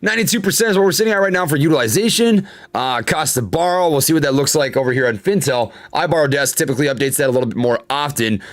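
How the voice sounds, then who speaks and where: Fast and with few pauses, a young man with a slightly high voice runs a live stream about stock trading. Frustrated, he riffs on the charts, reads viewers' messages out loud, curses, and shrugs it off with a laugh.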